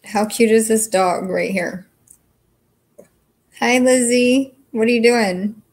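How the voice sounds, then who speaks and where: A woman's voice: fairly high pitch, takes it slowly, darkish tone. A woman hosting a casual livestream from home, chatting frankly with viewers and swearing freely. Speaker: livestream host.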